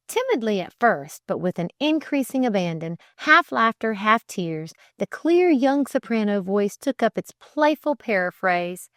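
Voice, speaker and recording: A woman narrating an old-fashioned story as an audiobook, in an expressive, theatrical manner. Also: mid-range voice, dry recording, clean studio sound.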